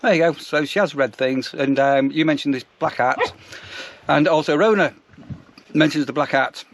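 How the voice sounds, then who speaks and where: A man's voice: fairly high pitch, moderate pace, a little hiss or hum. A man from England chatting casually to camera in a vlog, narrating what he eats at a campsite caravan. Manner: chatty, self-narrating while eating. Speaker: vlogger.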